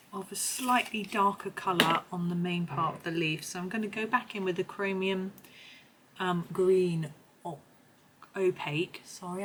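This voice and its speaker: A woman with a hoarse voice, chatting her way through a colouring tutorial in a meandering, self-correcting manner. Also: mid-range voice, slight background noise, low-quality recording. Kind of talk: casual tutorial narration.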